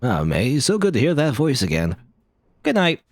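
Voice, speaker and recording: Man doing a gentle fond father. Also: medium pitch, huge pitch swings, normal speed, dry recording, pitched above the performer's own voice.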